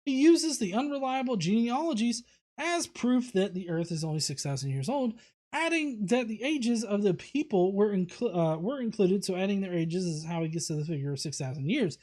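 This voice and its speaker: A man's voice: sits high, lively intonation, normal speed, a little mellow. Casual man reading viewer comments. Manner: casual, many fillers and restarts. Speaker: host.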